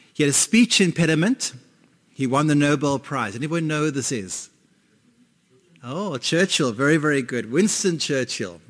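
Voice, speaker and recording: A man's voice: mid-range voice, a bit bright. Man, pastor, emphatic sermon, audience questions, echoing hall. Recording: long reverb in a hall.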